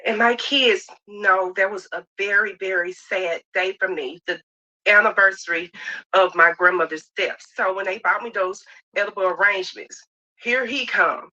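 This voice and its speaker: A middle-aged woman telling a personal story in an emphatic, rapid, heartfelt way. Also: medium pitch, bright, forceful tone. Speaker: reality show cast member. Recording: dull lo-fi clip audio.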